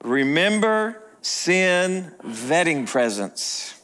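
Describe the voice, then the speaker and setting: A man voicing a puzzled immigrant husband with an Eastern European accent, speaking slowly and earnestly. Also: high-pitched, very animated, a bit bright, slight background noise, pitched above the performer's own voice, heavily acted.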